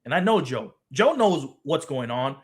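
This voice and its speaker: A former football player in his twenties hosts his own show, delivering a passionate, blunt opinion monologue full of casual slang and swearing, aimed directly at the person he's criticizing. His medium-pitched voice swings widely in pitch at a moderate pace.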